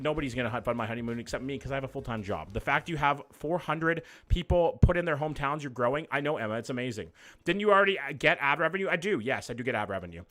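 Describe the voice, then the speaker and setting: A young man with a medium-pitched, slightly bright voice hosts a livestream. He reads viewer comments aloud in loose, profane, joking banter.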